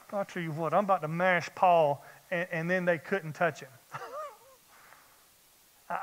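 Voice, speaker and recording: A male pastor with a high, bright voice delivers an animated sermon, putting rhetorical questions to the congregation. The church sanctuary gives the recording a long hall reverb.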